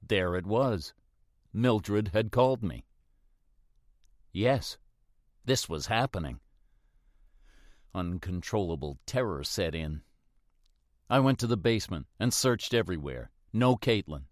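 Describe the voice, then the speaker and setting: A man reads a first-person thriller with a tense, suspenseful delivery. His voice sits on the low side. The recording is dry and close. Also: expressive, takes it slowly, long pauses, dry recording. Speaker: audiobook narrator. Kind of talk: first-person scripted narration.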